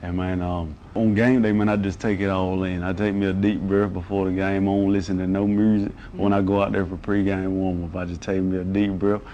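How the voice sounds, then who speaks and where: A man's voice: sits low, level tone, a little fast, hardly any pauses, dark tone, muffled recording, a little hiss or hum, natural voice. A man being interviewed as a football player, speaking steadily and often saying "man". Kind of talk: press interview.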